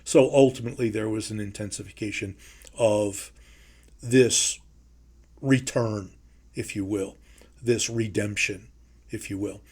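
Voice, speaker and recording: A man teaching a Bible lesson in a measured, emphatic way, slowing down to stress key phrases. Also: on the low side, steady tone, darkish tone, slightly rough. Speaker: preacher.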